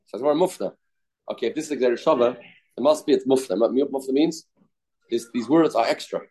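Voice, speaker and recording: A man's voice: medium pitch, fairly quick, darkish tone, slightly rough. Man teaching Talmud in sing-song repetition. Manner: talks in a sing-song study rhythm, repeating phrases; mixes English with Hebrew and Aramaic terms. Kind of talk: Talmud study lesson.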